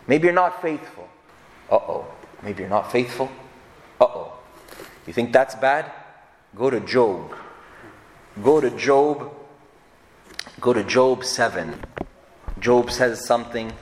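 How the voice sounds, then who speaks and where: A man's voice: medium pitch, measured pace, long pauses. A man preaching a sermon as pastor, telling stories with animation and acting out the scripture passages he quotes. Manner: animated storytelling, acts out scripture quotes, laughs at his own jokes. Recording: echoey church hall.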